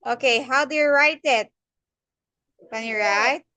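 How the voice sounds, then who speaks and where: A woman teaching English grammar to a young learner at an unhurried pace. She repeats words patiently and prompts the child to answer. Her voice sits a little high and is recorded dry and close. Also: bright, forceful tone, no room sound. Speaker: English tutor. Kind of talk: online one-on-one grammar lesson.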